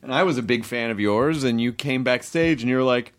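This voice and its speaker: A man hosting a podcast in casual comedic chat, animated and swearing, laughing often. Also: medium pitch, a little fast. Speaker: podcast host.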